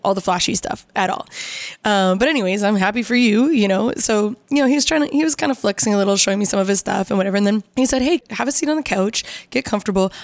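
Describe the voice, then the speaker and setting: A young woman tells a story in a casual, chatty way and acts out the other person's lines with sudden swoops up in pitch. Her voice sits in the middle range for a woman. The recording is close and dry, with no room sound. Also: dry recording. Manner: animated, acts out both sides of conversations with lively pitch jumps. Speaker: storyteller recounting dates.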